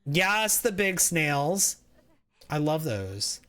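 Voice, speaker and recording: A man's voice: fairly high pitch, sing-song, very slow, a bit bright, smooth. A man streaming a game, chatting casually in a rambling way, reading chat aloud and often restarting his sentences.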